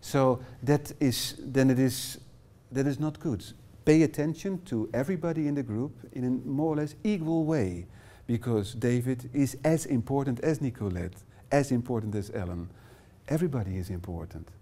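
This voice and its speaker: A man's voice: medium pitch, moderate pace, few pauses, dark tone. A middle-aged Dutch man, a non-native English speaker with a Dutch accent, giving a live workshop presentation in a small classroom, with many fillers and restarts as he addresses participants by name. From Netherlands. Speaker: workshop trainer.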